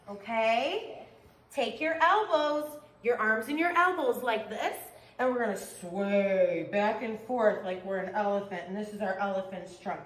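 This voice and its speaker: A woman's voice: fairly high pitch, fairly bright tone, reverberant. A woman leading a children's yoga class, coaching the kids in an upbeat, sing-song way.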